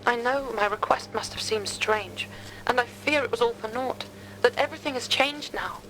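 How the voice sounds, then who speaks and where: An actress voicing a frightened young woman hiding in an attic in a game, with a British accent and hushed, pleading, old-fashioned speech. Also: on the high side, moderate pace, a little hiss or hum, poor audio. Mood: longing.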